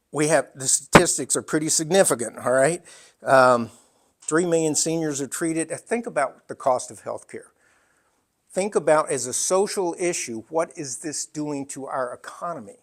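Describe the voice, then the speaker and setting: An older man giving a storytelling business talk as an entrepreneur, animated and conversational with frequent asides. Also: fairly high pitch, moderate pace.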